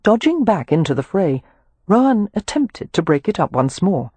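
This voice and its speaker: An audiobook narrator reading a historical romance with expressive, animated storytelling. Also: mid-range voice, normal speed, breathy edge, no room sound.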